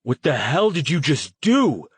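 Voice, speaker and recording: A man voicing a furious young man who yells in disbelief, his voice shaking. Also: high voice, sing-song, a little slow, slightly rough, dry recording, pitched above the performer's own voice, heavily acted. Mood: furious yelling. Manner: screaming, shaky.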